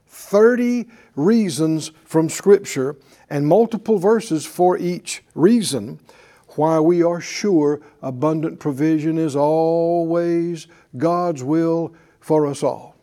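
A man's voice: on the high side, dark tone. A male pastor preaching a sermon to a live congregation, with emphatic call-and-response delivery. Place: church before a live congregation.

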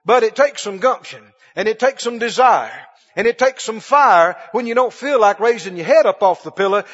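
A man's voice: high-pitched, lively intonation, normal speed. A man preaching a sermon to a church congregation, emphatic and full of rhetorical questions. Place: church sanctuary. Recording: dull, reverberant church recording.

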